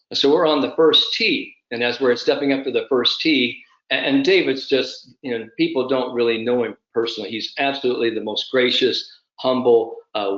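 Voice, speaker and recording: A man in his fifties, a sport psychologist, telling an anecdote with animated storytelling during an online summit. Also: mid-range voice, echoey room, lo-fi sound. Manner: animated anecdotal storyteller, addresses the host by name.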